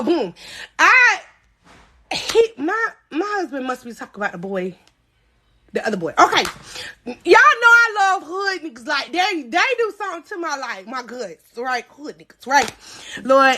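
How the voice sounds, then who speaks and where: A young woman spins a storytime on a live stream, talking straight to her viewers. Her voice sits high and sounds bright, and she keeps it animated and profane, laughing as she goes. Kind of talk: casual storytime chat to a live audience.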